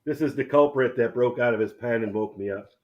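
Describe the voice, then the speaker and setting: Man, middle-aged, host, casual chat, chatty, repeats words, average pitch. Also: fairly quick, highs cut off, a little hiss or hum. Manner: relaxed, chatty, repeats words when starting a thought. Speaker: channel host.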